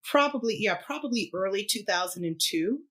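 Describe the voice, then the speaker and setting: A woman's voice: mid-range voice, a little fast. A middle-aged woman, a keyboardist guest on a podcast, telling a story in casual chat, laughing often and acting out what people said. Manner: animated, laughs often, acts out quoted voices.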